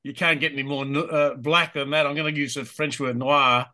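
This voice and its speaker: A man's voice: a little high, little pitch movement, a little fast, bright, forceful tone. A man hosting a music interview, eager and hesitant with frequent ums. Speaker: interviewer host. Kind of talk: casual interview chat.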